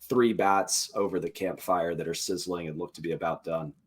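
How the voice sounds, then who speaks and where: A man narrating as dungeon master in a joking, relaxed manner. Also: sits low, normal speed, slightly rough. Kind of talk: narrating a tabletop game.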